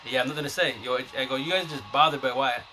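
Man ranting on a live stream, fast talker, bright forceful voice, faint background hiss. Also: medium pitch. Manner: blunt, profane and combative. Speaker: TikTok live host. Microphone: phone mic.

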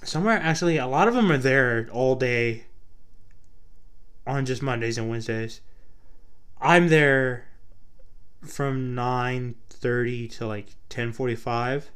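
A man's voice: mid-range voice, slow pace, long pauses, fairly bright tone, clear, resonant tone. A young man from Texas with a Texas twang, chatting to his viewers in a loose, rambling, profane way. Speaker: vlogger. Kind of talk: casual rambling chat to camera.

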